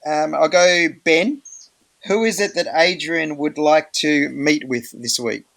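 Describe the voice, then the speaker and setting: Australian male host, chatty, animated storyteller, dry close sound. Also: a little high, takes it slowly, vocal fry, no echo. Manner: chatty, animated, many fillers, acts out quoted voices. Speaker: meeting host. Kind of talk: casual storytelling in an online meeting.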